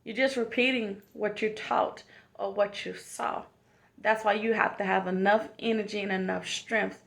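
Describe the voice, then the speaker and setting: A woman's voice: mid-range voice, fairly even intonation, unhurried, gravelly, fairly bright tone. A woman, giving a heartfelt motivational self-love talk and calling the listener "honey.". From South Carolina, USA. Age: 40s. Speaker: vlogger.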